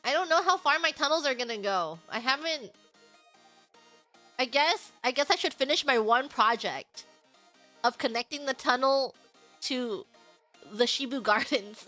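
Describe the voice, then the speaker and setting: A young woman streaming, chatting casually in a bubbly, giggly, excitable way. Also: high-pitched.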